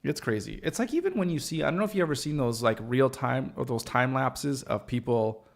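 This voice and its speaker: A man's voice: mid-range voice, very animated, fairly quick. A man with a Canadian accent hosting a casual chat as a web designer, rambling loosely with many fillers and self-mocking laughs. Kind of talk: casual chat while working on screen.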